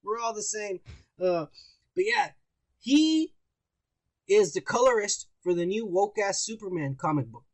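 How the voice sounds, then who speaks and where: High-voiced profane podcast co-host man. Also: big pitch swings, unhurried, long pauses. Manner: profane, mocking, reads news aloud. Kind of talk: casual drunk banter.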